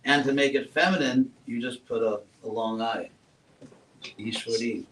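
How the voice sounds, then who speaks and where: A man giving a relaxed classroom talk, asking his students questions and adding playful asides. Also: medium pitch, moderate pace. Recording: roomy echo, far from mic, faint noise.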